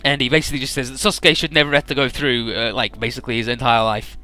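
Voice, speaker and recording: A man's voice: mid-range voice, flat delivery, fast, sharp tone, faint music behind. A man casually retelling a game's story, quoting the characters in his own voice, laid-back and swearing freely. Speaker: let's player summarizing a game story.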